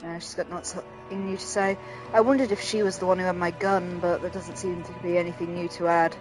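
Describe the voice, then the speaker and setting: A woman's voice: on the low side, steady tone, a little fast, music in the background, rough recording. A woman hosting a let's play, chatting casually and swearing now and then. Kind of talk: casual gameplay commentary.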